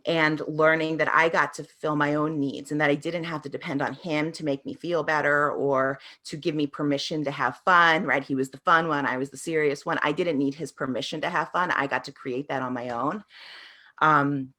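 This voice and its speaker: A woman's voice: deep voice, steady tone, normal speed, sharp tone. A woman answering interview questions as a parenting coach, telling her experiences in an earnest, reflective way.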